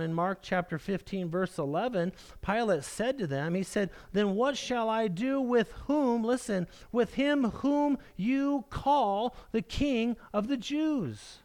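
A man preaching a sermon, reading scripture aloud with earnest, pleading emphasis. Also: high-pitched. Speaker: pastor.

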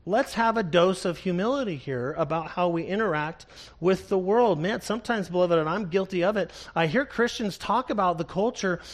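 A man preaching an expository sermon, earnest and emphatic, reading scripture slowly and repeating key phrases. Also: high voice. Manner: reads scripture slowly and deliberately. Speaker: pastor.

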